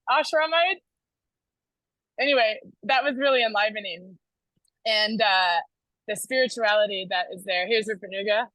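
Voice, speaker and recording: A woman's voice: a little high, pushed and bright, no echo, rough recording. An American woman sharing devotional news in a casual, chatty way, laughing often and correcting herself as she goes. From United States.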